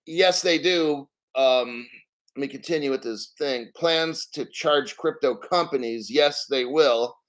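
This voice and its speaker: A man's voice: mid-range voice, slow. A man hosting a crypto livestream, chatting casually and rambling, swearing freely and greeting viewers by name. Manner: rambling, profane, reads chat names aloud. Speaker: crypto channel host.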